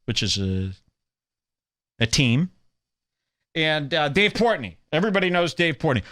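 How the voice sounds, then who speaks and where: A young man hosting a podcast, ranting sarcastically over clips and mocking people in high put-on voices. He is from Illinois. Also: sing-song, a little slow, pauses often, pushed and bright. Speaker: podcast host.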